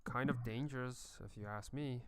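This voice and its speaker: A man playing a tabletop role-playing game, speaking slowly and deliberately as his character. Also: mid-range voice, crowd noise. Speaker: player.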